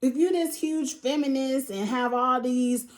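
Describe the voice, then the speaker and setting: Woman, young adult, slightly high voice, casual vlog recap, blunt, profane, animated. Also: unhurried. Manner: blunt, profane, animated retelling with mock quotes. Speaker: reality TV recap host.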